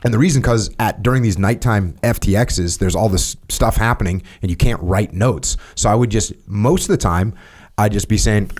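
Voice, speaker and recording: A man's voice: fairly low pitch, moderate pace, a little mellow. A middle-aged man hosting a podcast, telling stories in casual conversation and acting out what people said. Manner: storytelling, acts out quoted voices. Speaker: podcast host.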